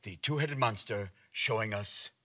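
A man's voice: fairly low pitch, a little slow, bright, forceful tone, no room sound, clean studio sound. A man hosting a children's TV segment, explaining patiently and with animation. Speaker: host. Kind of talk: children's TV presenting.

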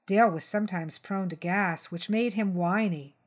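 A woman reading a crime short story aloud in a measured narration. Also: mid-range voice. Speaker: reader.

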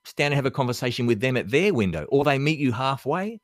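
A man's voice: medium pitch, fast, no room sound, clean studio sound. A man with an Australian accent, chatting as a podcast guest and telling stories with lots of laughs. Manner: animated storyteller who laughs often and acts out quotes. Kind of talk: casual chat.

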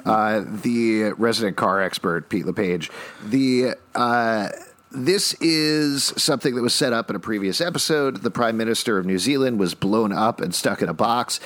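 A man with a fairly low voice hosts a casual podcast. He recaps an episode plot with dry, easygoing asides. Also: normal speed, fairly bright tone. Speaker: podcast host.

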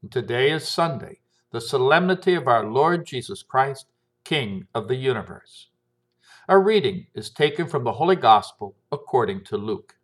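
A man's voice: medium pitch, sing-song, normal speed. A priest with an American accent reading a gospel passage and giving a short homily, lifting his voice for the quoted speech.

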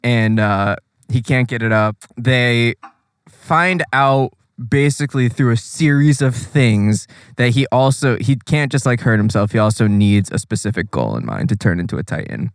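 A man's voice: mid-range voice, lively intonation, moderate pace, smooth, dry recording. Podcast co-host, male, casual profane recap, dry close car sound. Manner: profane, laughing, acts out quotes. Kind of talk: casual anime recap chat.

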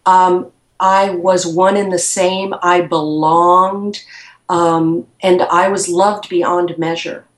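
Brief: woman guest, low-ish voice, soft and reflective, echoey room. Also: steady tone, slow. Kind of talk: recounting a personal experience.

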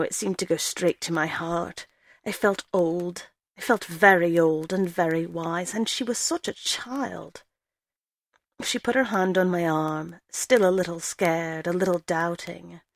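A woman reading a first-person story aloud in a measured storytelling way. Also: on the low side, creaky, dry recording. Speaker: story reader.

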